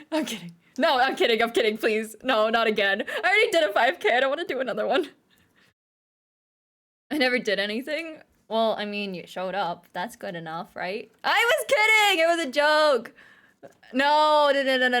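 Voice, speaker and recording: A woman's voice: on the high side, fairly bright tone. A young woman streamer chatting casually with viewers and reading their messages aloud, playful and laughing often. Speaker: livestreamer.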